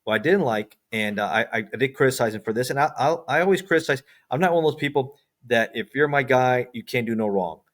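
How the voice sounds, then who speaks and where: A man speaks in loose, conversational bursts about politics, often stammering and restarting his sentences. His voice sits at an ordinary middle pitch. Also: expressive, fast, few pauses. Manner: repeats words, stumbles and restarts. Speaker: guest. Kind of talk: casual political chat.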